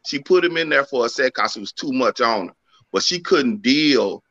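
A man on a talk show panel, telling family stories in a relaxed, conversational way. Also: medium pitch, normal speed. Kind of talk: casual panel discussion. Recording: dull, lo-fi mic sound.

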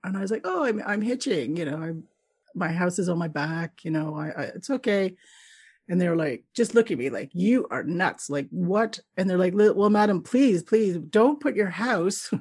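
A middle-aged woman from Canada, a guest telling travel stories in a casual interview, lively and laughing often as she acts out the people she met. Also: fairly low pitch, slightly rough.

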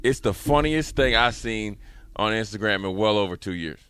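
A man's voice: on the low side, expressive, normal speed, a bit bright, smooth. Laid-back male sports radio host. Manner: laid-back storytelling, slangy. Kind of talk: casual sports radio chat.

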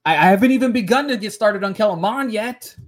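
A man's voice: sits high, animated, quick pace. Man ranting heatedly on a sports podcast. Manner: heated, repeats words and restarts sentences. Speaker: podcast host. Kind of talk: casual sports podcast rant.

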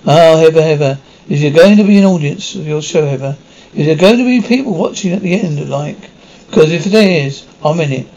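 A man's voice: a little high, expressive, fairly quick, darkish tone, poor audio. An actor playing a rambling, childlike male prisoner who shows off his tattoos and keeps stumbling over his words. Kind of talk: mockumentary comedy acting.

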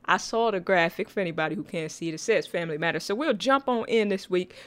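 A woman's voice: lowish voice, fast. A woman hosts a casual live-streamed podcast, chatty and playful. She teases her co-host good-naturedly and talks straight to her listeners, with an easy, conversational flow.

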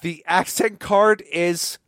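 A man's voice: high voice, steady tone, slow pace, noisy background. A tipsy man co-hosting a podcast, reading game rules aloud and joking around with friends. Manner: reads game rules aloud, laughing, slurred banter. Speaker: podcast co-host, game judge. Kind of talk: drunk casual chat.

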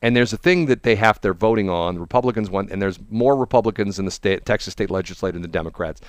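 A man's voice: quick pace, no room sound. A man in casual political chat, mocking and laughing often as he tells a story. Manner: chatty, mocking, laughs often, mimics people in high voices. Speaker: co-host.

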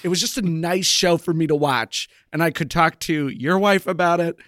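Animated young man, slightly higher voice. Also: no room sound, studio quality. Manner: animated, quick to exclaim, self-deprecating. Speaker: podcast co-host. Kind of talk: casual chat.

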